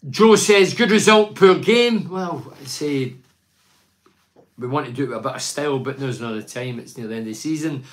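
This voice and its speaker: A man's voice: medium pitch, a little fast. Blunt older man chatting football. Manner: blunt and opinionated, rambling with restarts. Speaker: football pundit reading fan messages. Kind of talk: casual fan chat.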